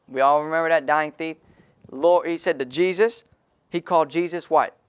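Pastor, male, emphatic small-church preacher with a slightly high voice. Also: normal speed, fairly bright tone, smooth. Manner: emphatic preaching, calls on congregants to read verses. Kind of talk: sermon.

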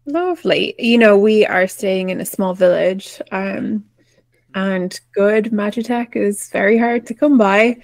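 A woman playing a tabletop game, friendly and brisk. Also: mid-range voice, darkish tone, dry recording. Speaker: player.

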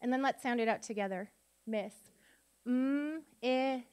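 A woman's voice: on the high side, a little fast, clear, resonant tone. A woman at a conference workshop who leads the audience through spelling dictation, sounding words out syllable by syllable and asking them questions. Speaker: literacy teacher and conference speaker. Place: conference room before an audience.

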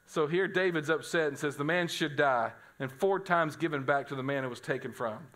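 Bright-voiced male pastor preaching. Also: a little high, brisk. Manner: storytelling, acts out voices in quotes. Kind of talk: sermon.

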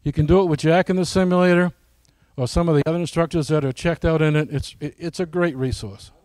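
A man's voice: on the high side, steady tone, quick pace, a little mellow, no echo. A man giving a casual, folksy presentation to his flying club, often asking the audience questions.

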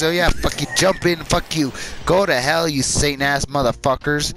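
A man's voice: fairly high pitch, steady tone, moderate pace, few pauses, poor audio. A man trash-talking the computer players nonstop while playing a card game, swearing angrily. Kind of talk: gameplay chat. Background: game soundtrack music.

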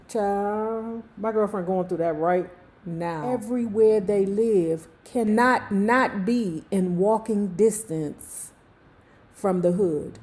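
Reading to her book club, a woman in her fifties speaks in a mellow, medium-pitched voice with a thick Washington, D.C. accent. She goes slowly and drawlingly, frequently pausing the text for jokey, talkative asides.

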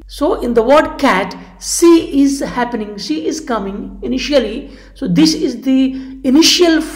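A woman's voice: lowish voice, darkish tone. A woman lecturing on phonology, explaining patiently and repeating each definition and example. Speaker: English language teacher. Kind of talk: recorded classroom lecture. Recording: echoey room.

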